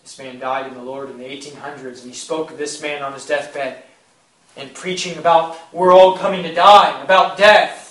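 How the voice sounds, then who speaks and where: A man's voice: fairly high pitch, steady tone, normal speed, a bit bright. A man preaching a sermon with impassioned, repetitive phrasing that swells in emphasis. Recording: echoey room, mic at a distance.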